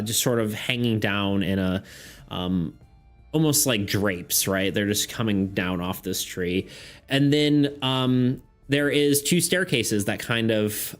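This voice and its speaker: A man's voice: medium pitch, smooth. A man running a tabletop game on stream, describing scenes in a loose, rambling way and laughing often. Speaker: game master.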